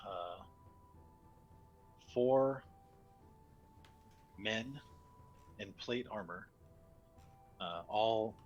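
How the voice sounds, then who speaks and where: A man narrating a tabletop game as game master, unhurried and full of fillers. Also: lowish voice, a bit bright, muffled recording.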